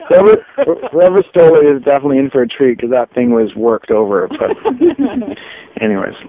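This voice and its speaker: A man's voice: mid-range voice, a little fast. Man rambling anecdotes over a tinny line. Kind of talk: casual storytelling on a podcast. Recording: tinny lo-fi phone-like sound.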